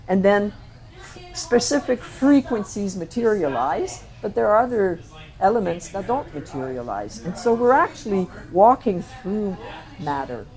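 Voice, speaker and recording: A woman presenting her photographs to an audience, speaking reflectively and often pausing on fillers and restarts. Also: mid-range voice, a little mellow. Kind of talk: slide talk to an audience.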